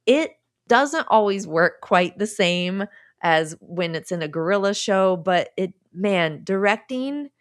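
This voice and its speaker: A woman in her forties, an improv performer talking casually as a guest, telling animated stories with laughter. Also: medium pitch, slow, no echo, clean studio sound. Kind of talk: casual conversation.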